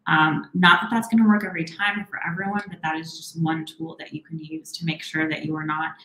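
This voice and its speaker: A young woman therapist answers live questions in a casual, quick way, often pausing on "um" and restarting her sentences. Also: low voice, little pitch movement, a little hiss or hum. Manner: quick, warm-toned advice with many "um"s and restarts. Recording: echoey room.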